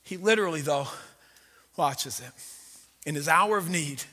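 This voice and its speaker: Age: adult. Sex: man. Role: pastor. Style: animated, joking sermon. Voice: high and bright. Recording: long reverb in a church sanctuary. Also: measured pace. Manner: animated, conversational storytelling with jokes.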